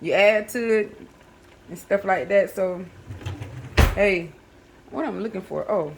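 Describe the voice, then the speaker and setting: A woman's voice: medium pitch, slow pace, a little hiss or hum. A woman, chatting casually to viewers while she cooks in her home kitchen, with lots of fillers. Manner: chatty, talks to viewers as y'all, many fillers. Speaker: home cooking vlogger. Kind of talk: casual kitchen vlog chat.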